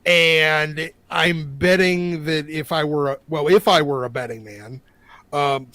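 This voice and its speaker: A man's voice: on the high side, fairly even intonation, slow pace, pushed and bright, dry recording. A man from the Pittsburgh area ranting emphatically in a casual live-stream chat, with profane asides. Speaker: show regular, commentator.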